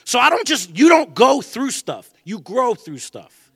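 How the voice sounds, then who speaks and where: A male pastor preaching a sermon in a church, animated and joking, acting out the voices of people he quotes. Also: extremely high pitch, measured pace, gravelly, slightly rough, dry recording, studio quality.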